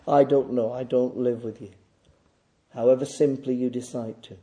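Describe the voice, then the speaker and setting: A man preaching a sermon, swinging between loud emphatic declarations and quieter reflective passages. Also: a little high. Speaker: pastor.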